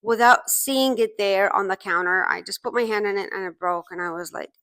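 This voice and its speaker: A woman's voice: medium pitch, brisk, fairly bright tone, no echo. A mom vlogger telling stories to her phone camera in a chatty, self-deprecating way, laughing at herself. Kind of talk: casual storytelling to camera.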